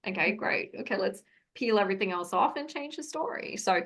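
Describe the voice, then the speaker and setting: A woman guest in casual conversation, telling animated stories, acting out quoted voices and laughing often. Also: mid-range voice, a little fast. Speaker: podcast guest. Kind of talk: casual chat.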